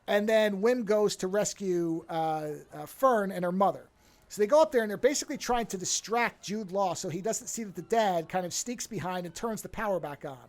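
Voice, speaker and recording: A woman hosting a podcast recaps a TV episode in casual conversation, her mid-range voice at a normal speed. She's an animated storyteller who acts out quotes and swears freely.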